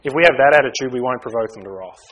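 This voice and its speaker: A man's voice: racing, highs cut off. Earnest man preaching a sermon. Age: young adult to middle-aged. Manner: earnest, rises to loud emphasis then drops low.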